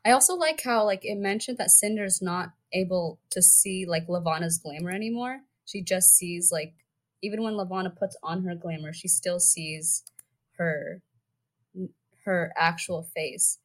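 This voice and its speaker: A woman co-host chats about a novel in a loose, rambling way, filling her thoughts with "like." Her voice sits a little on the low side. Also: unhurried. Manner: chatty, says "like" a lot. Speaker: podcast co-host. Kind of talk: casual book discussion.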